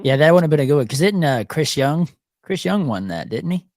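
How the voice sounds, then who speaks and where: A man hosting a casual talk show, telling stories in a jokey, animated way. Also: fairly high pitch, a little fast, no echo, studio quality. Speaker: show host.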